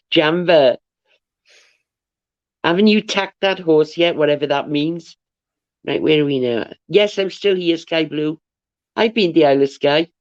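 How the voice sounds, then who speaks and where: A woman's voice: deep voice, takes it slowly, pauses often, darkish tone, no room sound. A woman hosts a casual livestream, thanking viewers and wandering off into anecdotes. She rambles and trips over her words, restarting sentences as she goes. Her voice comes through dull and lo-fi, with a dry, close sound. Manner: rambling, chatty, restarts and stumbles. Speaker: livestream host. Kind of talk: casual chat, reading viewer comments aloud.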